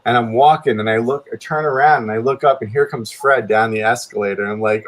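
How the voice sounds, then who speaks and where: A man of ordinary pitch spins a long anecdote in a relaxed chat. He circles back and restarts often, and his voice climbs sharply whenever he acts out his own reactions. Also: quick pace, hardly any pauses. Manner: rambling, many restarts, pitch jumps up when quoting himself. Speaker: guest artist telling a story. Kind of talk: casual storytelling chat.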